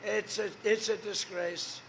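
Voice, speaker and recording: Rambling rally speaker, a high-voiced man. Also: fairly even intonation, a little slow, a bit bright, slight background noise. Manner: rambling, repetitive, off-the-cuff asides to the crowd. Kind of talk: campaign rally speech. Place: large rally venue.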